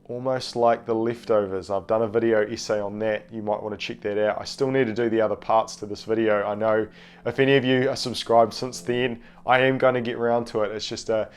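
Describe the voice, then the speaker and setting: A man's voice: lowish voice, little pitch movement, fairly quick, clean tone. A man hosting a casual film review video, nasal from a cold, talking in a rambling, hesitant way with many fillers. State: has a cold. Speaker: film review channel host.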